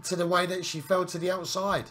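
Male co-commentator, high voice, opinionated and emphatic, casual color commentary. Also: flat delivery, brisk, fairly bright tone, a little hiss or hum.

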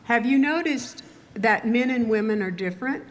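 An older woman from Texas giving a commencement speech, telling stories in a measured, wry way. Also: on the high side, animated, slight background noise. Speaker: commencement speaker. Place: ceremony venue with audience.

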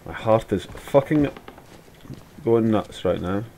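A man doing jokey, excitable let's play commentary, yelping and swearing when startled. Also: on the low side, takes it slowly, creaky, a little hiss or hum. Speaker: gaming channel host.

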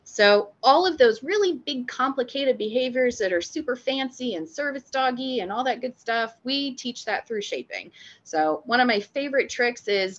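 A woman who is a dog trainer and veterinary behavior technician, giving a lively, playful training lecture. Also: fairly high pitch, highs cut off. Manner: upbeat and playful, acts out dog reactions.

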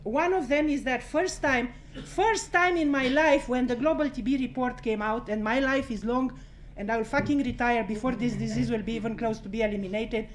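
A woman with a high voice speaks to a room of journalists, blunt and outspoken, and she swears without a second thought. She moves between outrage and laughter as she drives her points home. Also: moderate pace, slight background noise. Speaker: speaker at a press conference. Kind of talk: impassioned press conference address.

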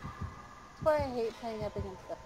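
A woman's voice: a little high, expressive, moderate pace, background noise. Sarcastic woman in game chat. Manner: sarcastic, joking complaints. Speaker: gamer. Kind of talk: casual multiplayer game chat.

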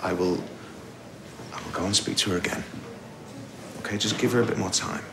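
A gravelly, low-voiced cautious officer. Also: male voice, brisk. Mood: calm. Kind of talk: TV soap drama. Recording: TV drama with background noise.

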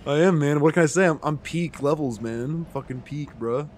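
A young man doing casual gameplay commentary, loud and profane and often laughing, on a home microphone that peaks. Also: fairly high pitch, brisk, slight background noise. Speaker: gaming streamer.

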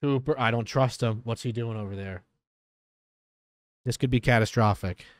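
A man giving casual gameplay commentary as a streamer, chatty and quick to exclaim, breaking off to talk to his dogs. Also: mid-range voice, no echo, studio quality. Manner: chatty, exclaims often, talks to his dogs between game remarks. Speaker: gaming streamer.

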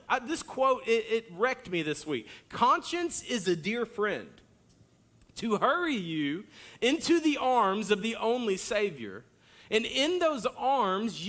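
Young dad pastor preaching, high bright voice, animated storytelling. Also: male voice. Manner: animated storytelling, acts out hollering and kids' lines. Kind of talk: sermon. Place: church sanctuary.

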